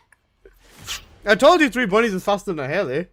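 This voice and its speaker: A man streaming a game live, chatting casually with loose, excitable gamer slang. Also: high voice, normal speed.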